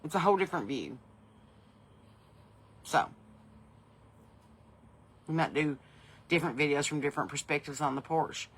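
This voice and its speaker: A woman's voice: low voice, lively intonation, normal speed, pauses often, husky, low-quality recording. A Southern woman hosting a casual livestream from her porch, chatting folksily and greeting viewers by name. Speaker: podcast host and country singer. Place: home porch.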